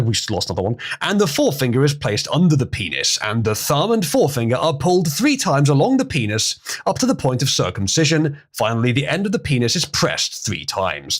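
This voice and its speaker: A man hosting a livestream, reading an article aloud and breaking in with sarcastic, crude remarks. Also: medium pitch. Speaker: livestream host.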